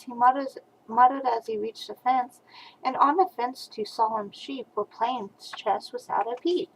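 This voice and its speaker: An older woman, a grandmother, reading a rhyming picture book aloud to a small child over a webcam, with soft asides between verses. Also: on the high side, unhurried, slight background noise, poor audio.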